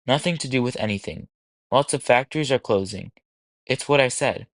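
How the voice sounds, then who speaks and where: A man's voice: mid-range voice, moderate pace, dry recording, lightly acted. A man voicing a ragged, desperate immigrant father. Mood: despairing. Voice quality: ragged, sputtering. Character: distraught stooped immigrant father, pleading. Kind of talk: audiobook character voice.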